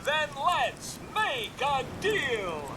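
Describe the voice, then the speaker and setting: High, swooping robot game-show host, slow showy patter, music bed under. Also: male voice, huge pitch swings, noisy background, full character voice. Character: cheery male robot butler hosting a game show. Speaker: trader. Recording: game audio with music behind.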